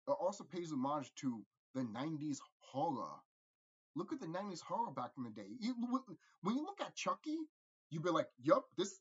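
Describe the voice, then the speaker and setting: A man rambling through a casual movie review, profane and animated, laughing often. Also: fairly high pitch, husky, lo-fi sound.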